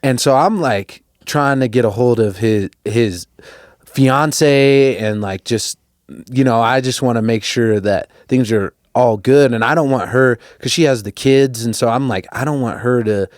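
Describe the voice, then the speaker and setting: A young man from Colorado, a podcast guest telling a story casually, with lots of fillers and restarts, his voice jumping up when he gets excited. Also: medium pitch, measured pace, dry recording, studio quality. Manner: rambling, many fillers and restarts, rises sharply when excited.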